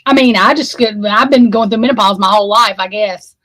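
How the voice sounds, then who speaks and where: A woman's voice: mid-range voice, brisk, a bit bright, no echo, low-quality recording. A woman, chatting casually with her livestream viewers in a rambling, profane and emphatic way. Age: 40s. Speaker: livestream host.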